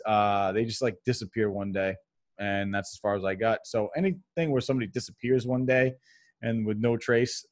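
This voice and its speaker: A man's voice: mid-range voice, a little mellow, dry recording, clean studio sound. Laid-back male podcast host. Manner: laid-back, slangy, rambling. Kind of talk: casual chat.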